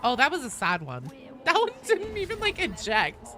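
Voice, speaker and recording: A gaming streamer chatting casually with viewers, reading chat aloud and deliberately speaking higher to avoid vocal fry. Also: huge pitch swings, sharp tone. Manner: chatty, reads and answers chat; talks in a raised pitch on purpose to avoid vocal fry. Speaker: gaming livestream host.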